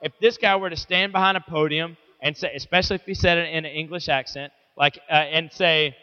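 A man's voice: on the high side, a little fast, sharp tone. Casual, joking man teaching a Bible lesson. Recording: echoey hall, dull lo-fi sound.

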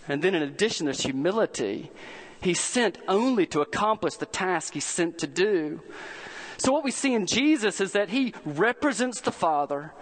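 A man preaching a sermon as a pastor, telling stories earnestly and slowing down to stress key words. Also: high voice, a bit bright, rough recording. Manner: earnest storytelling with slowed emphasis.

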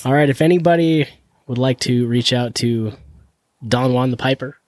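A man's voice: mid-range voice, moderate pace, a little mellow, dry recording. A man hosting a podcast, upbeat and direct as he wraps up the show. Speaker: podcast host. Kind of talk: podcast outro.

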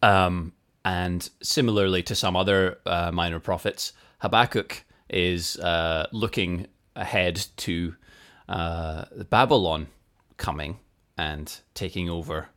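Low-voiced man explaining Bible facts. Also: fairly even intonation, slow pace, few pauses, fairly bright tone. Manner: thoughtful, self-deprecating, laughs easily. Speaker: podcast co-host. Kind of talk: casual chat and Bible teaching.

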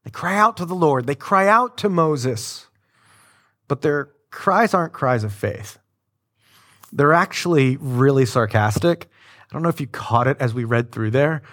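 Conversational preacher with a higher voice. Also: male voice, unhurried. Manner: conversational, animated, with asides to the congregation. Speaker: pastor. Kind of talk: sermon.

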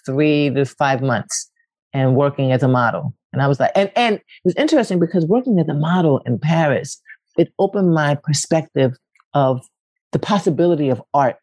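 A West Philadelphia woman, poet and actress, tells candid stories as a guest at a moderate pace, with no room sound. She's animated, swears casually, and acts out quotes with big pitch leaps.

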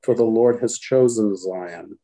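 A man with a low, very dark and mellow voice recites psalm verses in turn with another reader. His delivery is steady and solemn, in the manner of a liturgical response. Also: a little slow.

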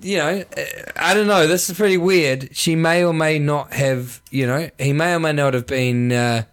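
A New man co-hosts a relaxed podcast, chatting loosely and padding his lines with "you know" and "like". His voice sits a little above the usual pitch for a man. He laughs easily along with his co-host. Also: normal speed, clean tone. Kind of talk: casual chat.

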